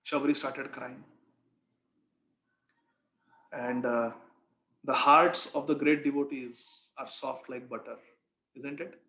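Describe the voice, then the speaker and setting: A man's voice: mid-range voice, fairly even intonation, unhurried, sharp tone. A man teaching a class, retelling a devotional story earnestly, with explanations for his listeners. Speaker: spiritual teacher. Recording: echoey, dull lo-fi room recording.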